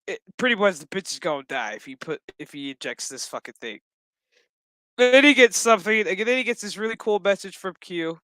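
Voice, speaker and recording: A man's voice: sits high, big pitch swings, a little fast, a bit bright, no room sound, rough recording. A man casually recapping a TV episode in a rambling, joking way, swearing constantly. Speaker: gaming channel host.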